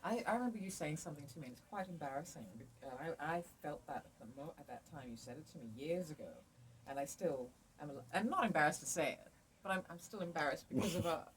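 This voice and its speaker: A woman's voice: low-pitched, animated, quick pace, slight background noise, poor audio. A woman with a British accent, chatting casually and frankly as a podcast host, often laughing as she rambles. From England. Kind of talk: casual chat. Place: outdoors at home, laundry in the sun.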